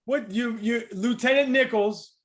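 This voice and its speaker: A man's voice: very high voice, unhurried. A man hosting a casual interview, reacting with stammers and repeated words. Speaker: host.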